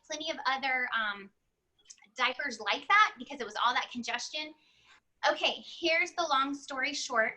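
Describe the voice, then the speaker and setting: A woman's voice: a little high, poor audio. A woman, casually telling a home remedy testimony and acting out the dialogue. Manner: animated storyteller who acts out quoted dialogue.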